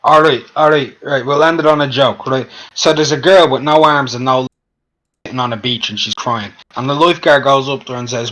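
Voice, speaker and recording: A man's voice: mid-range voice, fairly quick, fairly bright tone, low-quality recording. A man from Dublin with a Dublin accent, chatting casually as a podcast co-host, bantering and telling crude jokes. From Ireland. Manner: swearing, banter, joke-telling.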